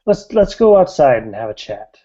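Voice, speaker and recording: A man's voice: mid-range voice, big pitch swings, normal speed, dark tone. A man voicing a tall, territorial young man who answers in curt, sarcastic bits, on a muffled lo-fi recording. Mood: impatient.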